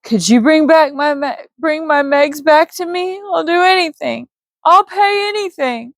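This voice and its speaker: Woman doing a high, strained, raspy drunk man, slurring and hostile, storybook reading. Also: unhurried, no room sound, studio quality. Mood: pleading grief.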